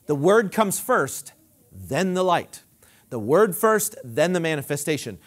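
A man preaching a sermon as pastor, emphatic and repetitive, dropping low and quiet when he quotes scripture. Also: sing-song, a little slow. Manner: emphatic preaching with repeated phrases.

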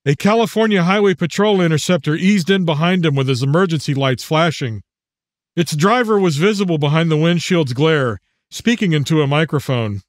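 A man narrating his own audiobook in a measured, even storytelling manner. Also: on the high side, no echo, clean studio sound.

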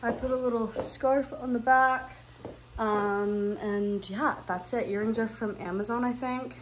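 A woman's voice: on the high side, steady tone, unhurried, a little hiss or hum, rough recording. A young woman talking casually to camera for her vlog, rambling with lots of fillers and laughing often. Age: young adult. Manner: rambling, filler-heavy, giggly. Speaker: vlogger.

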